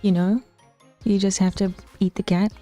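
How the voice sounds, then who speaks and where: A young New woman talks loosely to her stream in a mid-pitched voice. She swears freely, laughs easily and often slips into a whisper. Soft music plays behind her. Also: little pitch movement, normal speed. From New Zealand. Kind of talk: casual live-stream chat.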